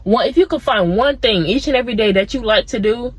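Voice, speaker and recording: A young woman talks outdoors in a laid-back, rambling motivational vlog and keeps drifting into side thoughts. Her voice sits fairly high. The sound is close and dry. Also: quick pace, husky, dry recording, low-quality recording. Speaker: vlogger. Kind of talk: casual motivational chat. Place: outdoors among plants.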